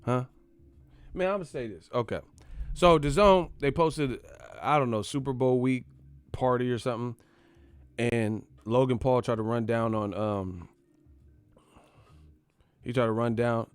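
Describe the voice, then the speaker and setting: A man's voice: medium pitch, measured pace, pauses often, clear, resonant tone, no echo. A man hosting a boxing channel, ranting casually with profane jokes and rambling asides. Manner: profane, joking, rambling with laughs. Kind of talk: casual comedic rant.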